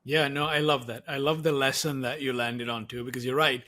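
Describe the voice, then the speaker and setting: A man's voice: mid-range voice, flat delivery, a little fast, sharp tone. Affirming male podcast host. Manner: affirming, reflective, asks open questions. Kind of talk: conversational interview.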